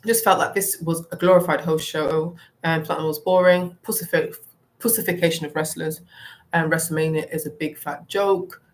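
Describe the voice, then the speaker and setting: A young woman ranting bluntly and with animation, delivering solo wrestling commentary. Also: on the low side. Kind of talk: opinionated solo rant.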